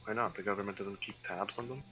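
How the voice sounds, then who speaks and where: A man's voice: fairly low pitch, fairly even intonation, fast talker, sharp tone, soft background music, rough recording. A man playing in a tabletop game, talking hesitantly with many fillers. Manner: hesitant, lots of fillers and restarts. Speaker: player.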